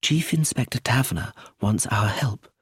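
A man voicing a quiet, composed middle-aged woman in a read story, speaking in a calm, measured way. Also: mid-range voice, slightly rough, no echo, studio quality.

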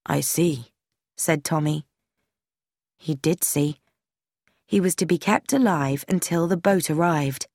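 Slow, low-voiced woman narrator. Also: a little mellow, no room sound, clean studio sound. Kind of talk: audiobook narration.

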